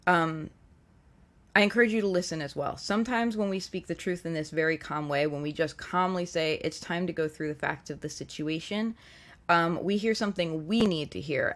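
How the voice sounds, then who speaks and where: A woman hosting a casual live-stream tarot reading, earnest and reflective as she gently advises her viewers. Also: on the low side. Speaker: tarot reader and show host.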